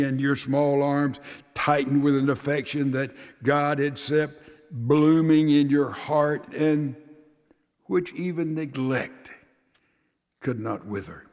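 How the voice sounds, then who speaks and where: A man preaching a sermon and reading a father's letter aloud in a slow, tender, emotional way that sinks to hushed tones. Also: medium pitch. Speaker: pastor. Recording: long reverb of a large hall.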